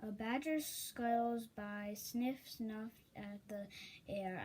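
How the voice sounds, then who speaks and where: A woman reading a children's picture book aloud, unhurried, with chatty asides to listeners. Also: on the high side, darkish tone, low-quality recording. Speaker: story reader.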